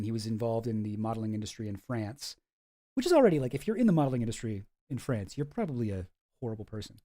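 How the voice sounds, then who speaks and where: A Canadian online commentator with a medium-pitched, dark-toned voice riffs on photos casually and sarcastically. He rambles and swears freely.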